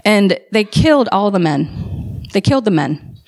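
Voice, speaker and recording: A woman's voice: medium pitch, big pitch swings, measured pace, darkish tone. Impassioned New woman preaching. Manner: impassioned, storytelling, rising to emphatic calls. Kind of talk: sermon.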